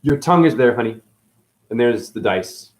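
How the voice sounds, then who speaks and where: A man hosting a rambling esoteric monologue, jumping between wordplay and sudden loud and soft swings, calling his listeners honey. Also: mid-range voice, animated, moderate pace. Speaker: channel host.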